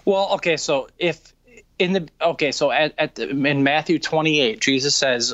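A man in a theological debate, asking earnest questions in a halting way with many restarts. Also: fairly high pitch, fairly bright tone, dry recording. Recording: dull, dry lo-fi sound.

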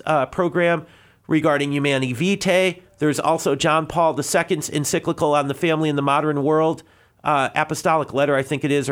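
Man, radio guest, higher voice, slightly out of breath, earnest, rambling, studio. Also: fairly bright tone. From Connecticut, US. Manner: earnest, rambling with many restarts. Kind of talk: answering a caller on live radio.

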